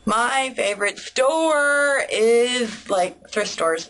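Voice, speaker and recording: A woman's voice: fairly high pitch, lively intonation, unhurried, a bit bright, rough recording. Bubbly, rambling young woman. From United States. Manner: bubbly, rambling, heavy use of "like". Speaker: vlogger. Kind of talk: casual to-camera chat.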